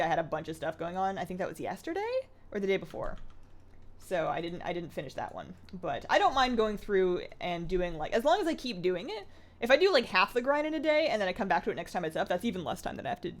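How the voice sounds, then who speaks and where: Streaming a game, a young adult woman from Canada reads viewer comments aloud and chats casually in a mid-range, fairly bright voice.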